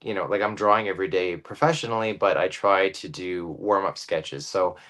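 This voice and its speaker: A man who is a guest comic artist, explaining his drawing process casually and thinking aloud with many pauses. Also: low voice, fairly even intonation, a bit bright.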